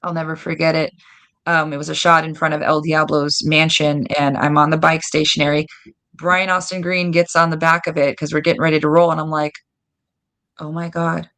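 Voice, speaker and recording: A woman guest telling lively stories in a casual interview, acting out quoted dialogue. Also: low-pitched, a little fast. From United States. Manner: animated, lots of "like" and quoted dialogue. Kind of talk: casual storytelling.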